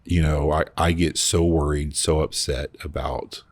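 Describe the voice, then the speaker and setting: Brief: male podcast co-host, very low and husky voice, rambling anecdotes. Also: unhurried, dry recording. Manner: animated, rambling storyteller. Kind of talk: casual storytelling chat.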